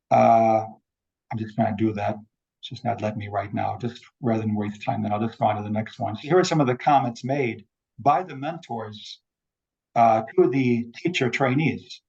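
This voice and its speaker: A man giving an academic talk over a video call, measured and explanatory. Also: medium pitch, gravelly, a little mellow, muffled recording. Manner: measured lecturing, quotes examples. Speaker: academic speaker. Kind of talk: online forum talk.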